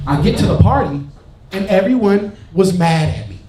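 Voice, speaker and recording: A male comedian telling stories in a stand-up set at a live show, jumping to loud high bursts on his punchlines. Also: expressive, moderate pace. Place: bar stage with live audience. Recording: roomy live venue, audience crowd, off-mic distance.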